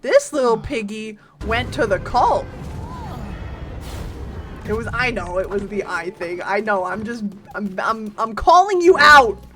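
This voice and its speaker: A woman with a medium-pitched voice speaks a little slowly, with long pauses, as she streams a game and banters with viewers. Game music plays beneath her voice, and she's animated, giggly, greets chat, and swears often.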